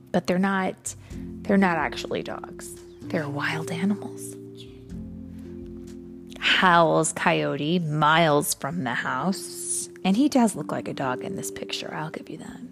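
A woman reading a picture book aloud to children, slowly, making animal sound effects and adding chatty asides to her listeners. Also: lowish voice, gravelly. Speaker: storytime reader.

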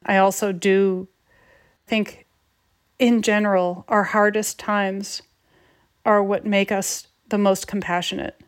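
A woman guest telling a personal story in a reflective, heartfelt way, pausing and restarting as she thinks. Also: mid-range voice, little pitch movement. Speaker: guest, advice columnist.

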